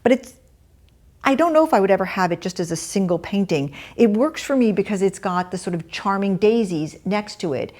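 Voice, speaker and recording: Older woman, homeowner on a house tour, low-ish voice, casual storytelling full of ums and restarts. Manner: animated, chatty, many ums and restarts.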